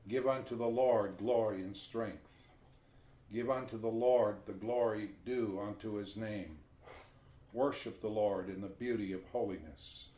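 Low-voiced man leading a Bible study. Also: measured pace, dark tone. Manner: directs the group and comments between readings. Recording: echoey room with faint background noise.

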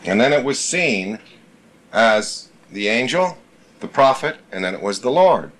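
A man leads a Bible study in a middle-pitched voice, driving points home by repeating them. He reads old-style scripture aloud between his explanations, steady and insistent. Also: unhurried. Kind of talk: teaching a group Bible study.

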